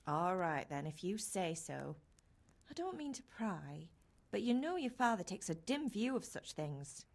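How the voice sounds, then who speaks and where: A woman's voice: fairly low pitch, sing-song, unhurried, vocal fry, heavily acted. An actress playing Henry's mother, a caring village woman who nags her son fondly. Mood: gentle. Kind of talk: game character dialogue.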